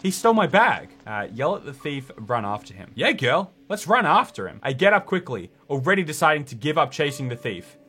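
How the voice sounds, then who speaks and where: A man's voice: fairly high pitch, fairly quick, few pauses, husky. A man playing through a story game, reading its text aloud and mocking it with sarcastic commentary. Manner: sarcastic, animated, mocking the script. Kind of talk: let's play commentary.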